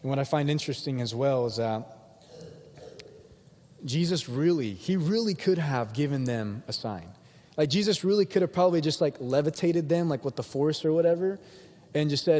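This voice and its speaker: A young man preaches with lively energy, slipping into voices for the people in his stories. His voice sits a little high yet sounds mellow. A long hall reverb trails behind his words. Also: brisk, pauses often. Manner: animated, acts out quotes in voices. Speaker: pastor. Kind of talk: sermon.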